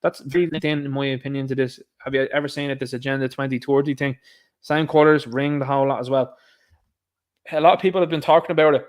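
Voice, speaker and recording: A man's voice: medium pitch, steady tone, quick pace. A man with an Irish accent giving a casual monologue commentary, sarcastic and full of rhetorical questions. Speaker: online commentator.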